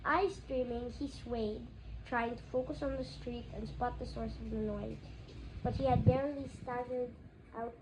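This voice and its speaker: A woman's voice: a little high, noisy background. A woman reading a novel aloud, with occasional slips and restarts. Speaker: audiobook reader. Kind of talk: fan audiobook narration.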